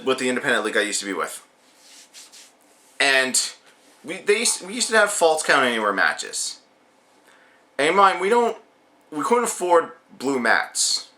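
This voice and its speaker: A man's voice: medium pitch, bright, forceful tone. A young man rambling through a casual wrestling show review, joking and swearing as he goes.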